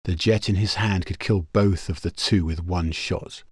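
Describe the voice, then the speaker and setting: A man narrating a pulp science-fiction story in a steady, measured audiobook reading. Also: sits low, husky, no echo, clean studio sound.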